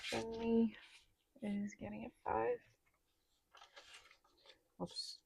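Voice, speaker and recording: A woman's voice: fairly high pitch, monotone, drawn-out words, vocal fry, background noise. A woman vlogger chatting casually while counting cash into budget envelopes aloud, sometimes dropping to a near-whisper.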